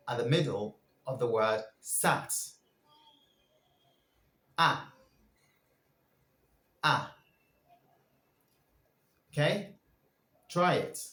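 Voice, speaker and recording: Slow, lively-voiced pronunciation teacher man. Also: medium pitch, reverberant. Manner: drills sounds for listeners to repeat.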